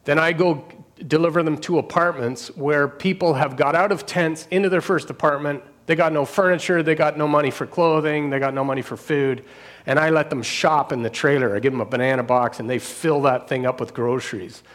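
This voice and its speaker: A man's voice: fairly high pitch, steady tone, fairly quick, fairly bright tone. Earnest middle-aged man telling his story. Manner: earnest storytelling, laughs often, trails off and restarts. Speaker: pastor and street outreach worker. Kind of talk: personal testimony.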